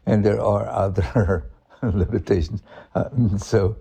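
A man with a very low, gravelly voice gives a slow spiritual reflection. He speaks in a halting, searching way, thinking aloud. His tone is dark and husky. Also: steady tone. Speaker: Christian speaker.

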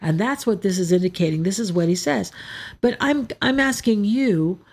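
A woman leads a scripture teaching talk as an Orthodox Christian teacher, her mid-pitched voice carrying a gravelly fry. She explains the passage step by step and keeps turning rhetorical questions back to her listeners. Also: moderate pace, darkish tone.

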